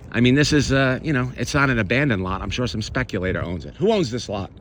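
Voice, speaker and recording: A man's voice: medium pitch, expressive, fast, a little hiss or hum. A man walking through his own neighborhood outdoors, chatting to the camera in a casual, sarcastic way. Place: outdoors on city streets.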